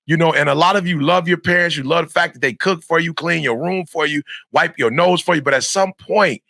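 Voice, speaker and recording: A middle-aged motivational speaker addresses young students in a slightly high, gravelly voice full of vocal fry. He's bright, forceful, and brisk, hammering every point home through repetition. The recording sounds close and dry, with no room sound at all.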